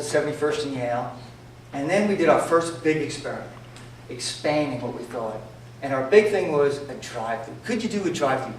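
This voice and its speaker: Man, New York accent, lively storyteller, fairly high voice, very echoey room, distant mic, faint background noise. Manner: animated, jokey, acts out dialogue. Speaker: entrepreneur speaker. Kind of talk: storytelling talk to an audience.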